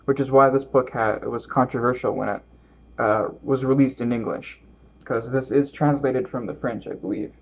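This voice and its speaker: Canadian man, book vlogger, casual and halting, mid pitch, slightly muffled recording. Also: fairly even intonation, creaky. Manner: thoughtful, halting, trips over words and restarts. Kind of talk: reading aloud and casual book talk.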